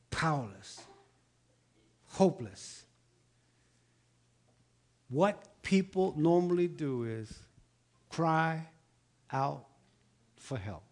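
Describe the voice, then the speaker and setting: A man preaching a sermon, building rhythmic repeated lines up to loud shouts and then falling back to a quiet, reflective tone. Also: fairly high pitch. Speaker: pastor.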